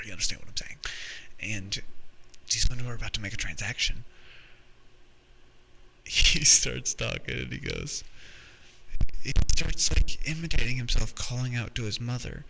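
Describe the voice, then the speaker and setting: A man's voice: mid-range voice, pushed and bright, a little hiss or hum, poor audio. A man hosting a podcast, telling rambling, profane stories and laughing as he goes. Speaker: podcast host. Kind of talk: casual storytelling monologue.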